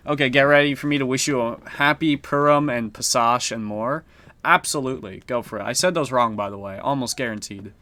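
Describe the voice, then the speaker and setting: Man, game streamer, casual live commentary, laid-back, chatty, swears casually, mid-pitched voice. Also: brisk, pushed and bright. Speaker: streamer playing a strategy board game.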